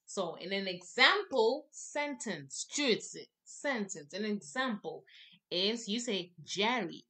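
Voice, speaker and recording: A woman's voice: medium pitch, lively intonation, unhurried, bright, forceful tone. A woman teaching an English grammar lesson, explaining patiently with lots of repetition and emphasis.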